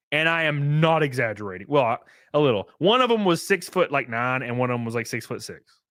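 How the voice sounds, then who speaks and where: Animated joking male streamer. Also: fairly high pitch, no echo, studio quality. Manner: crude, joking, rambling. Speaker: streamer reading chat. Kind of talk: casual livestream chat.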